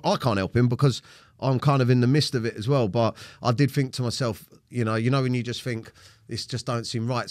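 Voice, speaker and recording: A man's voice: medium pitch, no echo, studio quality. A man hosting a podcast, chatting in a matey, sweary way and openly showing emotion. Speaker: podcast host. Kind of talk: candid podcast conversation.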